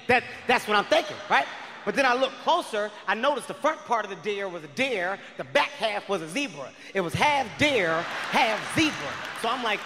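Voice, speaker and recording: A man with a high, bright voice doing stand-up, shouting his story loudly and with animated energy. He is recorded live on stage in a large hall with a long reverb tail, with a faint audience murmur behind him. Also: moderate pace, slight background noise. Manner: loud, shouting, animated delivery. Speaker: stand-up comedian.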